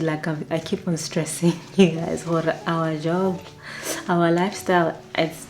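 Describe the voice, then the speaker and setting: Chatty young woman with a gravelly low voice. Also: unhurried, soft background music, poor audio. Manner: chatty, excitable, acts out quotes. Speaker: flight attendant vlogger. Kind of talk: casual vlog chat.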